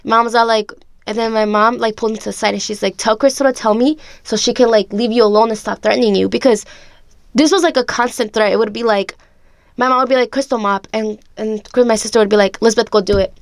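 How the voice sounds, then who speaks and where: A woman's voice: on the high side, steady tone, fast, no echo, studio quality. A woman guest telling a childhood story in casual chat, chatty and full of "like", acting out family dialogue. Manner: chatty, heavy use of "like", acts out family dialogue. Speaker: podcast guest.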